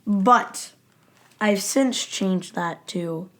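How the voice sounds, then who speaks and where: A woman's voice: medium pitch, extremely slow, a bit bright. A woman co-hosting a podcast in casual chat, joking about herself and laughing along. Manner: self-deprecating, laughing along. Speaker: podcast co-host.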